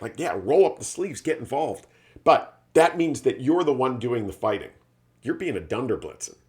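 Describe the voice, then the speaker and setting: Medium in pitch with a darkish tone, this male sales leadership speaker spins a business parable in a relaxed storytelling way. He's chatty and keeps tacking on tag questions.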